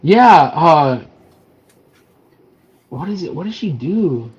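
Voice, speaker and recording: A man's voice: a little high, big pitch swings, slow pace, darkish tone, lo-fi sound. A man co-hosting a casual movie review podcast, animatedly retelling scenes with acted-out quotes and lots of fillers. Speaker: podcast co-host.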